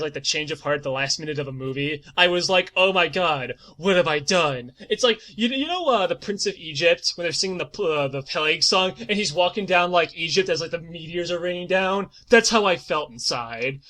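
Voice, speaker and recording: High-voiced young man telling a wild story. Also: brisk, hardly any pauses. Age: 20s. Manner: animated, swearing, bursts into mock-dramatic singing. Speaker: podcast storyteller. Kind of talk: casual comedic storytelling.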